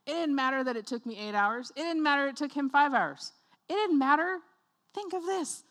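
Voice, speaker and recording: A woman preaching a sermon, telling a personal story in an animated way and acting out other people's voices. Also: high voice, a little fast. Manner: animated storytelling, acts out voices, laughs often.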